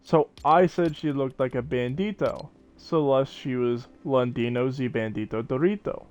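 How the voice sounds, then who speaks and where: A man's voice: medium pitch, darkish tone, slight background noise. A young man streaming a survival game, chatting casually to viewers and friends as he rambles from one joke to the next and laughs often. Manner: rambling, joking, quick to laugh. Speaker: gaming streamer. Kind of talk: casual live-stream chat while gaming.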